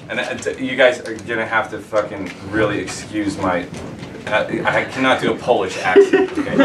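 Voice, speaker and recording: A man's voice: lowish voice, sing-song, crowd noise. Rambling man telling a story on a distant, roomy stage. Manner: rambling, halting, lots of restarts and swearing. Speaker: storyteller at a live show. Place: live venue with an audience. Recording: roomy, distant live recording with noise.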